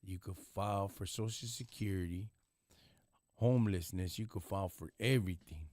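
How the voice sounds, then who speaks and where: Man, very deep voice, streetwise slang, blunt and preachy, dry close sound. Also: normal speed, a little mellow, no echo. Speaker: live stream host. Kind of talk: casual chat.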